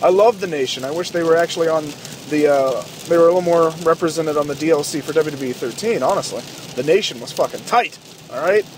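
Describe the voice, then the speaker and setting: A man's voice: fairly high pitch, fast talker, slight background noise. A man hosting a podcast, ranting in heated, sarcastic commentary full of swearing. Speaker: podcast host.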